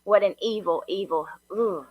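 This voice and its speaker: A woman's voice: mid-range voice, moderate pace, dull audio, slight background noise. A woman reacting to news clips in casual commentary, emotional and blunt, swearing freely. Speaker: true crime commentator.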